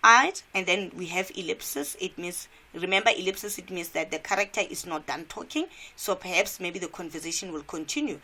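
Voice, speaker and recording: A woman's voice: fairly low pitch, fairly quick, few pauses, pushed and bright. A woman from South Africa, an English teacher, walking students through a cartoon step by step in a revision lesson and asking them questions.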